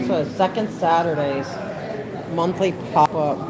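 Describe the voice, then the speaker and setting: A woman's voice: lowish voice, measured pace, rough recording. A woman livestreaming from a phone in an indoor public space, chatting in a rambling way and reading viewer comments aloud. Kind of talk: casual livestream chat. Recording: loud crowd chatter behind. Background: loud crowd chatter.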